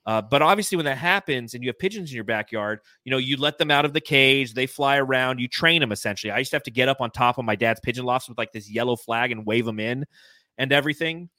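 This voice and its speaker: Speaking fast at a medium pitch, this Californian co-host of a laid-back sports podcast tells lively stories punctuated by plenty of laughter. There's no echo on the track.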